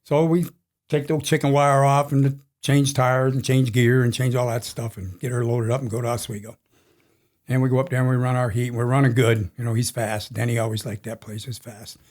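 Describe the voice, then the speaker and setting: A man's voice: medium pitch, little pitch movement, fairly quick, a little mellow. A man in his sixties, a racing crew chief, telling rambling stories in a casual interview with frequent chuckles. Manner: rambling anecdotal storyteller, chuckles often. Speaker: NASCAR crew chief guest.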